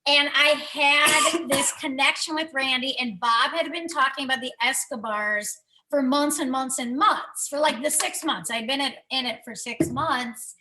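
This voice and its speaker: A woman's voice: sits high, moderate pace, bright, forceful tone, low-quality recording. Earnest, rambling woman on a video call. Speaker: guest on a business video call. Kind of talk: heartfelt casual chat.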